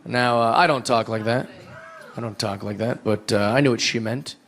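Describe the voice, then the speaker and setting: A man doing a stand-up comedy set on a club stage, profane and animated, acting out the voices of others. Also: mid-range voice, moderate pace, vocal fry. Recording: audience laughter throughout. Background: crowd laughing.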